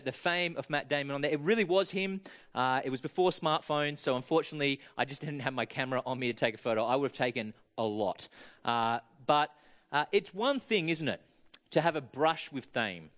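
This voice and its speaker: A man's voice: a little high, fairly bright tone. A man giving a sermon, chatting and joking with his congregation. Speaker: preacher. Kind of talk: sermon with audience interaction.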